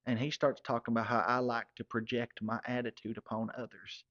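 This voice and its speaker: A man's voice: medium pitch, flat delivery, brisk, hardly any pauses, a bit bright, dull audio. Drawling man telling a story. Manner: rambling, drawling, self-correcting. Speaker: comedic storyteller in character. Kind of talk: comedic monologue.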